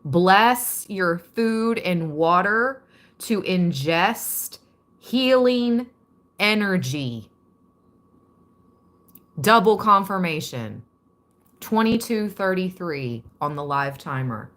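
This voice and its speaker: Low voiced lady doing a slow chill tarot reading, reflective. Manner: calm and reflective, reading card meanings aloud. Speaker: tarot card reader. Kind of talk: casual tarot reading for viewers.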